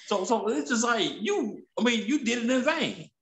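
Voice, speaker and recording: A man preaching with halting, stammering restarts, and he reads scripture aloud. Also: extremely high pitch, expressive. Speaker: prophet. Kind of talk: preaching on a prayer broadcast. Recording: echoey room.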